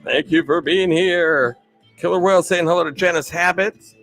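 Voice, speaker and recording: A man's voice: on the high side, moderate pace, fairly bright tone, soft background music. A man hosting a live stream, chatting in an upbeat way and thanking viewers. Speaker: livestream host.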